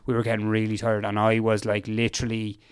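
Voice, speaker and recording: Chatty Irish man with a crisp, dry voice. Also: on the low side, fast talker, dry recording. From Ireland. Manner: animated, rambling, full of fillers and acted quotes. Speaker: podcast guest, endurance mountain biker. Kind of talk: casual storytelling chat.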